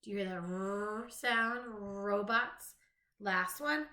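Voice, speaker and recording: A woman teaching a phonics lesson to young children, slowly sounding out rhymes, letters and words. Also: mid-range voice, pushed and bright. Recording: echoey room.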